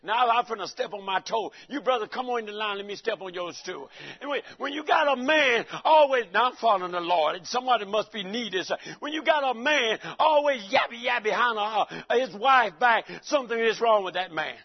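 A man's voice: high-pitched, animated, fairly quick. A male preacher giving a folksy, joking sermon in a church and calling out to the congregation. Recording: dull lo-fi recording.

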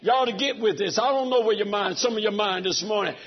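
A middle-aged man preaching a sermon, telling a personal story with great emotion, dropping to a hush and rising to shouts. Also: high-pitched, fairly quick, slightly rough. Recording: dull lo-fi recording.

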